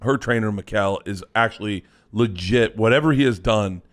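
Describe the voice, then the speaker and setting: A man in his forties with a lowish voice tells loud, animated stories as a podcast guest. He swears freely and rambles through his anecdotes. The studio sound is plain. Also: normal speed. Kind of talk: casual podcast chat.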